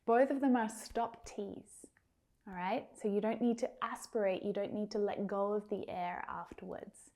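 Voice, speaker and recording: A woman teaching English pronunciation, saying words slowly and clearly, drilling each one several times with careful articulation. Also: mid-range voice, fairly even intonation, a little mellow. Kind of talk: slow, deliberate pronunciation lesson.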